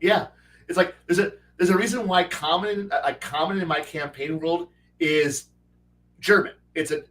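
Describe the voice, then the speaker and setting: A man's voice: fairly high pitch, moderate pace. A man hosting a casual livestream chat as game master, acting out characters as he tells stories and stammering through restarts. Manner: animated storyteller who acts out quoted characters. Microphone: online call mic. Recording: voice distant from the mic.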